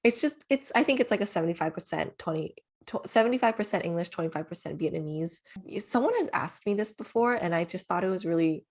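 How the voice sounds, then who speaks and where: A young adult woman co-hosting a podcast in casual chat, relaxed and loose with "like" fillers and laughs. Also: lowish voice, fast, few pauses. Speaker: podcast co-host.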